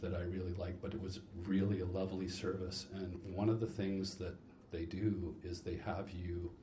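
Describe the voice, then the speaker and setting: A man speaking earnestly and reflectively at a recovery convention, pausing as he searches for words. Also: low voice, flat delivery, mellow, echoey room, a little hiss or hum. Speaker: speaker introducing the next share. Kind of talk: heartfelt talk at a recovery convention. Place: convention hall.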